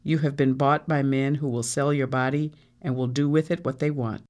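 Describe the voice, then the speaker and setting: A storybook narrator voicing a stern older captive woman who speaks in a cold, firm, measured way, over guitar music. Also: medium pitch, darkish tone, lightly acted.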